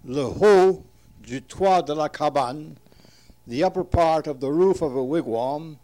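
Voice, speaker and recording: A man's voice: on the high side, unhurried, warm tone. A man reading aloud from his own translation of a word list, reading each entry, repeating words carefully and explaining them.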